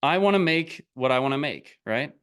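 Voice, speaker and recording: A man's voice: fairly high pitch, lively intonation, moderate pace, a bit bright, smooth. A middle-aged man coaching on online business in a blunt, rambling, casual motivational talk, often breaking into laughs.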